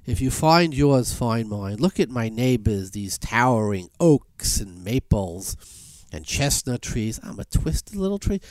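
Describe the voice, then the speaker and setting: A man's voice: a little mellow, no echo. A man voicing a small, stunted talking tree in a fable told during a sermon, with a thin, plaintive voice. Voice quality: high, thin voice. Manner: plaintive and pleading. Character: stunted twisted little talking tree, wistful.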